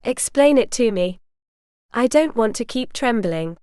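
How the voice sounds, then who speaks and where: Woman reading worried young noble lady, soft, smooth, dry close sound. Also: on the high side, animated, unhurried, no room sound.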